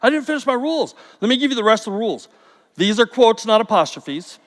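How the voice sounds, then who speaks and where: Animated joking man in a reverberant hall. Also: extremely high pitch, quick pace. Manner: storytelling, jokey, animated. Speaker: conference speaker. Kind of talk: conference talk.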